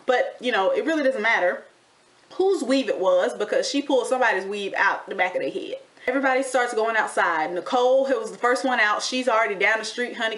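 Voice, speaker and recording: A woman giving a casual, sassy recap of a reality TV show, chatty and animated, with slang like honey and y'all. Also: medium pitch. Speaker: TV recap vlogger.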